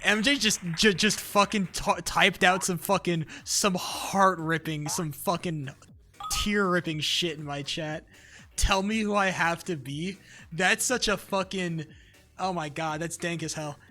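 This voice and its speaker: Excitable, swearing young male streamer. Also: high voice, measured pace. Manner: profane, excitable, talks to chat between bursts of laughter. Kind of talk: casual live-stream gaming chat.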